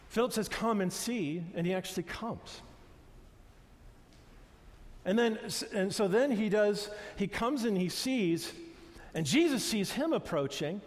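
A man gives a sermon in a loose, chatty way, stopping to restart his sentences and throwing himself into the voices of the people he retells. His voice sits a little high for a man. A long reverb trails after his words, as if the room were a large hall. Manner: conversational, animated retellings with many fillers and restarts. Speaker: pastor.

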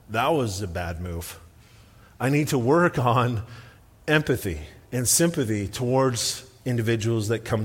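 A male pastor at a medium pitch delivers a sermon in a relaxed, conversational way and pokes fun at himself as he tells stories. His voice rings through a church sanctuary with a long, lingering reverb. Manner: conversational, self-deprecating storytelling.

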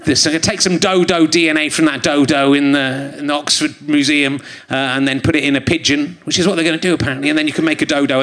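Rambling, self-mocking comedian, bright voice. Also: male voice, on the high side. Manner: rambling, self-mocking, with many fillers and restarts. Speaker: comedy podcast host. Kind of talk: stand-up style live podcast monologue. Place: theatre stage before a live audience. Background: audience laughter.

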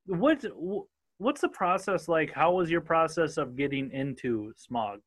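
A man's voice: a little high, animated, a little slow. Chatty Minnesotan man hosting a podcast. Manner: rambling, swears casually, many restarts. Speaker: podcast host. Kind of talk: casual interview chat.

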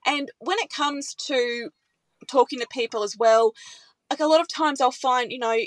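A woman's voice: sits high, normal speed, no echo, low-quality recording. A woman who works as a radio presenter, talking with enthusiasm in a conversational interview. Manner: enthusiastic, emotional.

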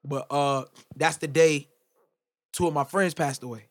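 Young man, slangy storytelling, a bit high. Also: fairly even intonation, a little slow. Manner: slangy, profane, acts out quoted dialogue. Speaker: guest musician. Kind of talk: casual podcast storytelling.

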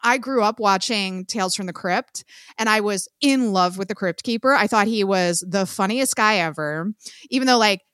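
Recorded with clean studio sound and no room sound, a woman co-hosts a podcast at a moderate pace in a medium pitch. She's animated in the casual chat, swearing freely and laughing often.

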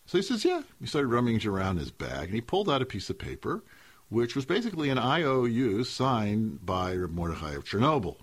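A man's voice: medium pitch, sing-song, fairly quick, husky. A man hosting a radio show, telling a folk story in a casual, conversational way with slang asides.

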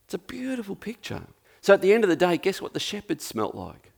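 A man's voice: high voice, huge pitch swings, brisk, vocal fry. An Australian man preaching a sermon in a conversational, jokey storytelling manner.

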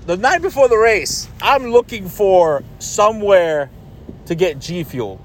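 A male podcast host telling a personal story in a chatty, animated way, swearing freely. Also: sits high, unhurried, a little hiss or hum. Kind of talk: casual storytelling.

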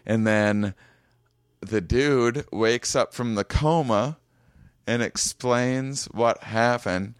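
A man's voice: mid-range voice, smooth, no room sound. Male comedian telling a rambling anecdote: clean, resonant voice, dead-dry room, lots of restarts. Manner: rambling, stammering restarts, acts out quoted voices. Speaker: comedian guest. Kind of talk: casual storytelling chat. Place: small home room.

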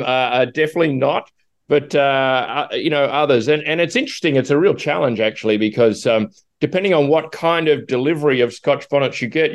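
A middle-aged man with an Australian accent, answering interview questions in a hesitant way with many fillers. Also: mid-range voice. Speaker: guest, hospitality business owner.

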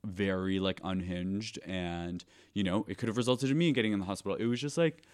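A man's voice: sits low, a little fast. A young man hosting a podcast, telling a story in a casual, chatty way, full of "like" and restarts. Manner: chatty, heavy use of filler "like", frequent restarts. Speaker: podcast host.

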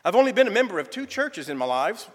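Lively man giving church testimony. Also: sits high, quick pace. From southern United States. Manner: folksy storytelling with gentle humor. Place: church sanctuary. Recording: reverberant church sanctuary.

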